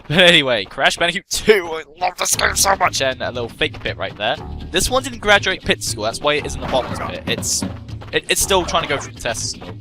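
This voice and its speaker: A man's voice: on the high side, sing-song, brisk. A young man giving casual, jokey let's-play commentary, rambling in self-mocking asides as he plays. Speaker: gameplay commentator. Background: game music.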